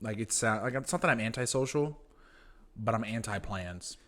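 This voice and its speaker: A man's voice: lowish voice, moderate pace, fairly bright tone. A man co-hosting a podcast in casual chat, a loose storyteller who says "dude" and "like" a lot and swears freely. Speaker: podcast co-host.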